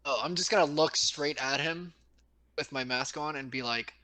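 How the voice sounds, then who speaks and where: A man's voice: on the high side, moderate pace, pushed and bright, rough recording. A man playing a tabletop game, hesitant and asking questions. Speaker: player. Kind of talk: tabletop role-play.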